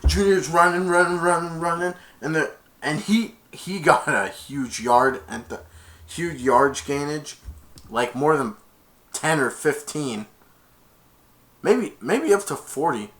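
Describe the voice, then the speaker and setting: A man recapping a movie in a loose, rambling way. His sentences stall and restart, and he jumps into loud, excited quotes of the characters. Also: a little high, unhurried. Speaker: movie reviewer. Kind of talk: rambling movie plot retelling.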